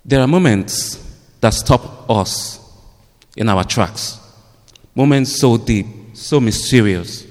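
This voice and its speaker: A man preaching a sermon, halting with fillers at first, then rising to emphatic points. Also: on the low side, darkish tone. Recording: long hall reverb.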